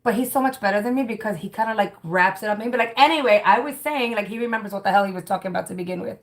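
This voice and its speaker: A woman's voice: medium pitch, rapid-fire. A woman in her thirties talks to her livestream viewers in a loose, rambling way. She restarts her sentences often and fills the gaps with "um" and "like". Her delivery is candid and conversational. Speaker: livestream host reading chat comments. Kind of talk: casual chat.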